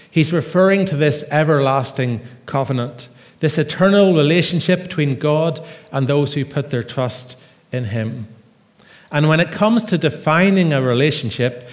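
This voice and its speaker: A man preaching a sermon in an earnest, measured way, with emphatic readings from Scripture. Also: medium pitch. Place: church. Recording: long reverb of a church hall.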